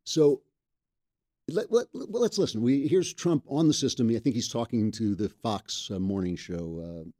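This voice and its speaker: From a makeshift studio, a man hosts a political talk podcast in a medium-pitched, mellow, expressive voice, unhurried in delivery. His casual chat is wry and joking, and he laughs often at his own jokes.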